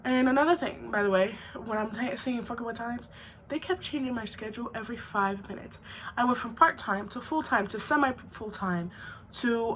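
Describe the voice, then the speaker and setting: A young woman tells a storytime vlog in a blunt, profane, animated way, voicing both sides of the quarrel herself. Her voice sits a little high. Faint background hiss runs under the recording. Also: fairly quick, poor audio. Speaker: vlogger.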